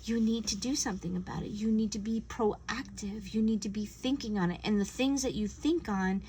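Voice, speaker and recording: Woman, tarot reader, earnest and gentle, mid pitch, faint background hiss. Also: normal speed, low-quality recording. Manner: earnest and gentle, acts out imagined dialogue. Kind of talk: casual spiritual tarot reading.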